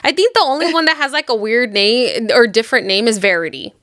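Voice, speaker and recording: Rambling woman host, smooth voice. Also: a little high, lively intonation, a little fast, fairly bright tone, dry recording, clean studio sound. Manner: rambling, filler-heavy retelling. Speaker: book podcast host. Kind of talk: casual chat.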